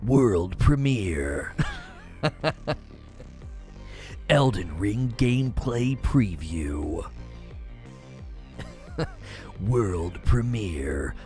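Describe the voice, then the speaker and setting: A deep, booming trailer announcer, as a man puts him on, stretching each word out slowly for drama. The voice rolls and swoops with big pitch movement. Faint music sits underneath. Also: lively intonation, warm tone. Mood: dramatic. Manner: slow, drawn-out booming delivery.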